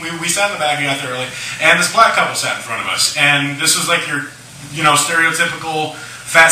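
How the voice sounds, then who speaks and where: A man's voice: a little high, bright, forceful tone, slight background noise. A tipsy young man doing a crude, rambling stand-up set in a lounge bar. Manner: crude, rambling, shock humor. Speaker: stand-up comedian. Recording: echoey room, mic from far off.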